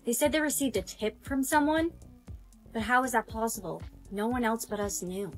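High-pitched text-to-speech woman. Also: moderate pace, faint music behind. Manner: smooth synthetic reading of dialogue. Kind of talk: scripted storytime narration.

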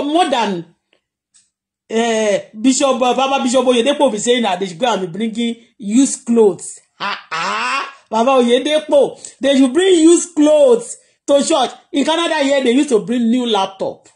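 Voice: medium pitch, lively intonation, moderate pace. A blogger from Nigeria with a Nigerian accent, chatting casually on a live stream, laughing often and switching languages freely. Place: at home in Canada.

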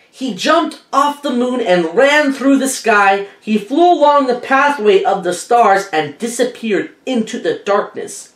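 A woman teacher reading a picture book aloud to children, animated, asking her listeners questions along the way. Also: mid-range voice. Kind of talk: children's storybook read-aloud. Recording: echoey room.

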